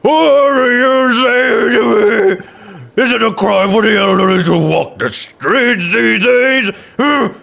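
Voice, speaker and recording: A man voicing an indignant elderly male juror in a video game dub, high, fussy and cantankerous. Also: takes it slowly, gravelly, fairly bright tone, full character voice. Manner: squawking, high and huffy.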